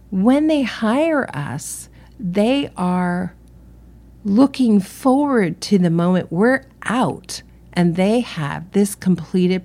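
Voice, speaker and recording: A woman's voice: lowish voice, darkish tone. A middle-aged woman, an interior designer and business owner, talks candidly in a solo monologue that drifts into digressions. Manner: candid storytelling with frequent digressions.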